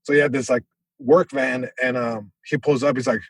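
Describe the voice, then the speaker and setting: A man from Southern California, a comedian guest telling a story on a podcast, animated, with many restarts. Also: mid-range voice, brisk, husky, no room sound, poor audio.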